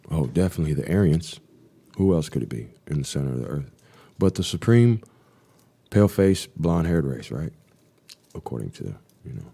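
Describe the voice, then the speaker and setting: A man with a low, mellow voice hosts a live stream and reads a diary aloud. He keeps breaking off for profane, sarcastic commentary. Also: very animated, normal speed, gravelly, breathy edge.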